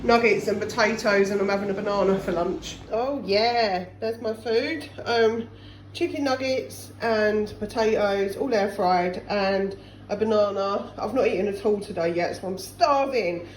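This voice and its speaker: A woman's voice: unhurried, a little hiss or hum, low-quality recording. A middle-aged woman chatting casually in a home vlog, a little out of breath from a chest infection, rambling and chatty. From England. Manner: chatty, rambling, talks to her cats in a high sing-song. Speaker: vlogger. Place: home kitchen indoors.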